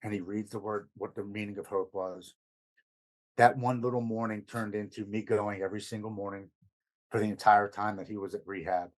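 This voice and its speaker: Low-voiced man telling a personal story. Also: steady tone, brisk. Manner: retells events with much quoted dialogue. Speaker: podcast guest. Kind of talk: casual storytelling.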